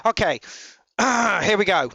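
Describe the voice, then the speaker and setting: A man hosting a live song review, ranting and swearing with many halting restarts. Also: high voice, expressive, vocal fry, pushed and bright, soft background music. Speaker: podcast host reviewing songs. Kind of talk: casual live review chat. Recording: dull lo-fi dry mic.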